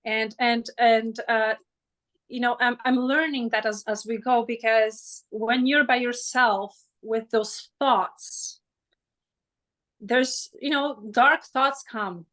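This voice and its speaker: A woman hosting an interview, talking haltingly and searching for her words over a video call. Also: a little high, steady tone, fairly bright tone. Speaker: interview host. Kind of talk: casual conversation.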